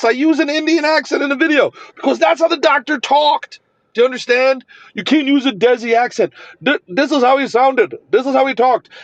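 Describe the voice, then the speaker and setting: Brief: male commentator, high voice, mocks himself mid-rant. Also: no echo, highs cut off. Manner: fired-up, sarcastic, self-mocking. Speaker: social media commentator. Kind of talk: ranting to camera.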